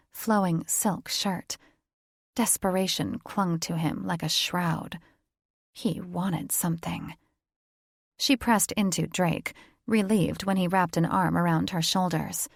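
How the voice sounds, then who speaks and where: A woman narrating a fantasy romance audiobook in a measured, even storytelling manner. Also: on the low side, creaky, no room sound, clean studio sound. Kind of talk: scripted narration.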